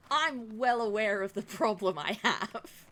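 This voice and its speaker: A woman's voice: medium pitch, takes it slowly, a bit bright. A woman streamer commenting on a horse-riding game, who swears, groans and laughs at herself. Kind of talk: casual gameplay commentary.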